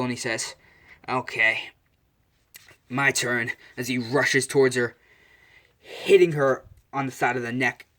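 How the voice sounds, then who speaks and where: Rambling man narrating a fan story. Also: medium pitch. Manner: rambling, with fillers and self-corrections.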